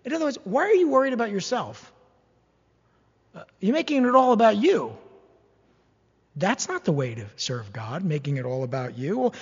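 A man preaching a sermon, animated and humorous, slipping into mock-whining voices as he acts out complaints. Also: fairly high pitch, moderate pace, vocal fry, long pauses, slightly rough, long reverb tail, muffled recording. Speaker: pastor.

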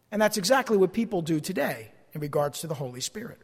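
A pastor preaches with a notably high male voice, hammering key phrases and dropping to near-hushed asides between louder declarations. His words ring out in a church sanctuary with a long trailing reverb. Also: very animated, fast, hardly any pauses, slightly rough. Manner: emphatic preaching, repeating phrases, swinging from loud to hushed. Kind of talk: sermon.

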